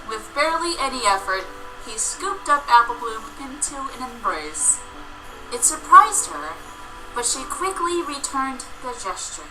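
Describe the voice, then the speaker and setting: Woman, expressive narration, fairly high voice, music behind. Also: unhurried, rough recording. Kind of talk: fan fiction reading.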